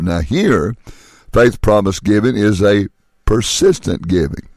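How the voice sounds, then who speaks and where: Low-voiced preacher, dry and close. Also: male voice, animated, unhurried, a little mellow, dry recording. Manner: emphatic preaching with repeated phrases and rhetorical questions. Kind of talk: sermon.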